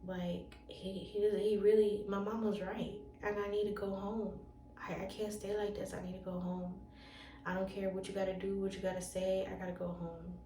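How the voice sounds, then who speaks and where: A woman telling an emotional personal storytime, halting and repeating phrases for emphasis. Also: medium pitch, level tone, warm tone, a little hiss or hum. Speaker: relationship wellness coach. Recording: roomy sound from a distant mic.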